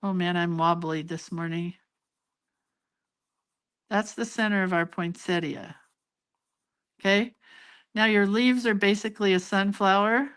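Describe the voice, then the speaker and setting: An older woman teaches doodling on a casual live stream. Her voice sits at an ordinary middle pitch. She rambles warmly through each step and laughs off her slip-ups, recorded through a phone or camera mic. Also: fairly even intonation, unhurried, long pauses, smooth. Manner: chatty, self-deprecating, laughs at her own mistakes. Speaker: hand-lettering and doodling teacher. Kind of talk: casual live drawing tutorial.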